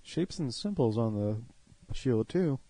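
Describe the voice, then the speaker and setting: A man's voice: mid-range voice, animated, takes it slowly, dark tone, slight background noise. A man co-hosting a casual review chat in a laid-back, matter-of-fact way. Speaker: co-host.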